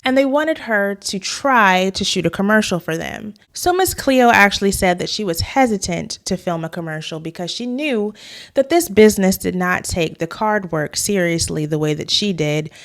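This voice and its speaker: A woman's voice: medium pitch, expressive, moderate pace, gravelly. A young adult woman hosting a commentary vlog, talking in a conversational, analytical way with casual asides. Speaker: host.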